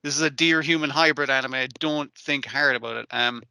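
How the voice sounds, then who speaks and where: A man co-hosting an anime podcast, chatting casually with lots of swearing and acting out scenes in quick asides. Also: medium pitch, gravelly, clean tone, no echo. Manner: profane, animated, acts out characters in quick asides. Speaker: podcast co-host. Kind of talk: casual chat recapping an anime.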